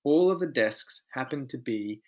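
A man's voice: mid-range voice, lively intonation, normal speed, darkish tone. A man, co-hosting a podcast and telling work stories in casual chat, candid and swearing freely. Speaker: podcast co-host.

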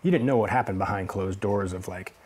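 A man's voice: sits low, a little fast, darkish tone. A man from the Pacific Northwest telling a personal story casually, rambling and swearing now and then. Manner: rambling, many fillers and restarts, casual swearing. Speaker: hairstylist telling his story.

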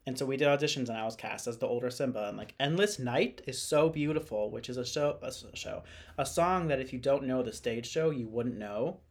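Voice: mid-range voice, fairly quick. A young adult podcast co-host in casual chat, gushing about favourite shows and filling every sentence with "like". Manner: gushing, fills talk with "like".

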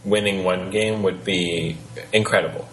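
Slow, low-voiced playful podcast guy. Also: steady tone, a bit bright, a little hiss or hum, poor audio. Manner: playful, hesitant, with restarts and laughs. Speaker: esports podcast co-host. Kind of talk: casual podcast chat.

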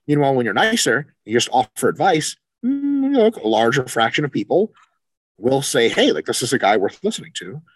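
A man co-hosting a casual podcast chat, animated and profane, acting out quoted exchanges as he talks. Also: medium pitch, fairly quick, slightly rough. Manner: animated, swears freely, acts out quoted exchanges. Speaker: podcast co-host, coach.

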